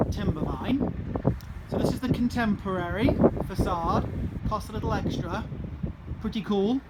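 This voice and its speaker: Chatty man touring a house on video. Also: high voice. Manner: chatty, pointing out features as he walks. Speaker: realtor. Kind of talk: casual walkthrough home tour. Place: show home interior. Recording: echoey empty rooms, faint background noise.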